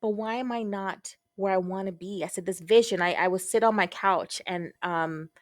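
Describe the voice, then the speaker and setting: A woman talking as a podcast guest in a frank, candid way, her voice sitting at an ordinary middle pitch. She tells a personal story with plenty of expression and acts out her own past thoughts in short bursts. The sound is close and dry, with no room echo. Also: normal speed.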